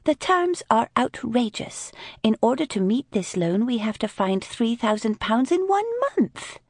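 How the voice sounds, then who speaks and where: Brief: woman narrator as a crisp, incredulous young daughter, animated and measured. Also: fairly high pitch, no room sound, studio quality, pitched above the performer's own voice, full character voice. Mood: exasperated. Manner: incredulous and sharp. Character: sharp, practical young woman, exasperated daughter.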